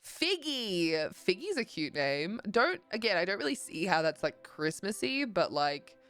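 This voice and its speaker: A woman's voice: medium pitch, very animated, measured pace, a bit bright. Sleepy, chatty young woman streaming. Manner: chatty and rambling, many "like" fillers. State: sleepy, yawning. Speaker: livestreamer. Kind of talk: casual chat while gaming.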